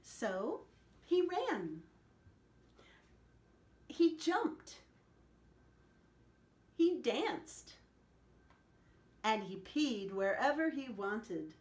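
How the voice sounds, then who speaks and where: A woman telling a picture-book story to children, animated and asking them questions along the way. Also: fairly high pitch, drawn-out words, long pauses. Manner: animated, asks the listeners questions. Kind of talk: picture-book read-aloud. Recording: echoey room.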